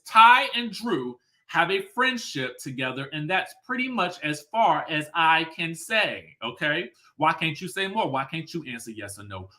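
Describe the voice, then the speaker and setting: A man's voice: fairly high pitch, sharp tone. A man recapping drama as a commentator, talking casually and animatedly, firing off rhetorical questions and saying "okay" a lot.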